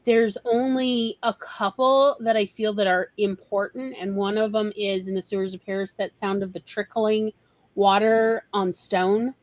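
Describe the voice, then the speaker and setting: A woman's voice: medium pitch, steady tone, unhurried, no room sound, poor audio. A woman hosting a casual chat, talking eagerly with lots of fillers. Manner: chatty, enthusiastic, many fillers. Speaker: host, writer.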